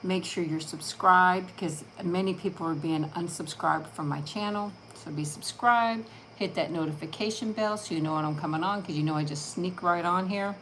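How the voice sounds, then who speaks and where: A woman's voice: lowish voice, moderate pace, few pauses, a bit bright, slight background noise, rough recording. A woman hosting her own channel, chatting casually and affectionately with viewers during a live stream. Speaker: channel host.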